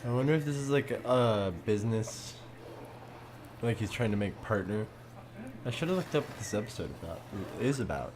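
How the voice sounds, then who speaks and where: A man's voice: lowish voice, animated, normal speed, noisy background. A man co-hosting a podcast, joking and swearing in a casual chat while watching a show. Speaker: podcast co-host.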